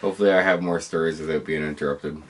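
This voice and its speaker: Super deep-voiced guy, dead monotone, bit of faint background hum. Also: quick pace. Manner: monotone, flat and expressionless. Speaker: podcast co-host. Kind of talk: casual chat.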